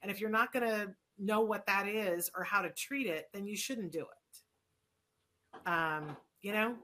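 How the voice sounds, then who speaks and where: Lady hosting a chat show, bright voice, rambly and opinionated. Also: medium pitch, measured pace. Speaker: show host. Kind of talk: casual chat.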